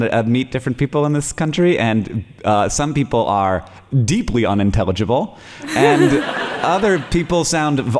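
A man hosting a podcast before a live audience, wry and self-deprecating, stopping and restarting his thoughts. His voice sits at an ordinary middle pitch. It rings with the long reverb of a large venue. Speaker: podcast host. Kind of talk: live podcast chat with a guest.

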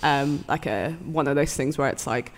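A woman's voice: very deep voice, moderate pace, big-room sound. A young woman with a London accent, a guest on a live podcast, chatty and giggly, full of fillers. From England.

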